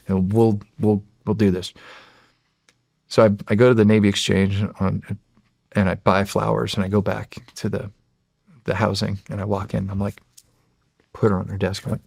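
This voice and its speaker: A man's voice: lowish voice, flat delivery, normal speed, gravelly, pauses often, a little mellow, breathy edge, dry recording. An American man in his forties, a show guest, telling stories casually and animatedly, acting out dialogue and laughing often. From United States. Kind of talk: casual storytelling.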